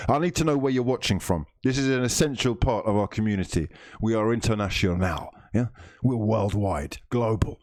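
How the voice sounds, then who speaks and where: A man's voice: fairly low pitch, a little fast, darkish tone, no room sound, studio quality. A man hosting a live stream, reading viewer comments aloud in a playful, mock-grand way.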